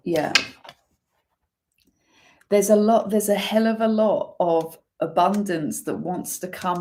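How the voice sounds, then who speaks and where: A woman giving an intuitive tarot reading, musing slowly and using many fillers as she talks through the cards. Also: lowish voice, background noise. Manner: slow, musing, full of fillers. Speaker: tarot reader.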